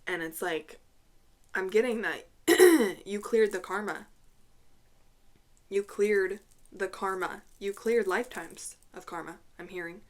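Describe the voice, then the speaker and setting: A woman gives a tarot reading at a slow, unhurried pace, pausing often and repeating her words as she goes. She clears her throat now and then and sometimes drops to a hushed, soft tone. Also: mid-range voice. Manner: soft, hushed drops when naming cards. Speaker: tarot reader. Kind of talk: intuitive tarot reading to camera.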